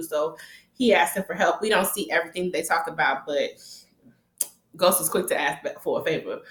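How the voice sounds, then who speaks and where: A woman recapping a TV episode casually, animated and profane, and often breaking into laughter. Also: low-pitched, moderate pace, echoey room. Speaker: TV recap vlogger.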